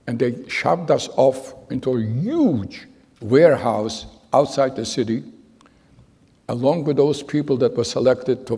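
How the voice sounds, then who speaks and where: A man in his nineties giving spoken testimony to an audience in a large hall, telling his story in a halting, earnest way with repeated phrases. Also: mid-range voice, vocal fry, mellow, husky. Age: 90s. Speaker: Holocaust survivor giving testimony. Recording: long reverb of a large hall.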